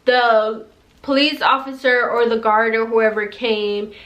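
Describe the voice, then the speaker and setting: A woman's voice: on the high side, little pitch movement, unhurried, a bit bright, dull audio. A young woman who moved to the US, chatting through a storytime, rambling and laughing as she goes. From immigrant to the US. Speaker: storytime vlogger. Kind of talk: casual storytelling.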